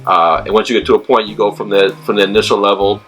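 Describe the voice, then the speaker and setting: A man's voice: fairly low pitch, fairly even intonation, quick pace, fairly bright tone, faint music behind, low-quality recording. A man hosting a casual travel chat, talking loosely with many fillers and restarts. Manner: chatty, filler-heavy, restarts often. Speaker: host.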